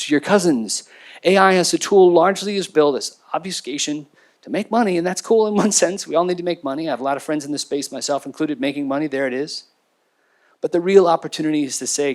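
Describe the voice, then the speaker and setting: A man speaking as a panelist, talking intensely and emphatically in a university lecture theater. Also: fairly high pitch. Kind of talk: impassioned panel talk.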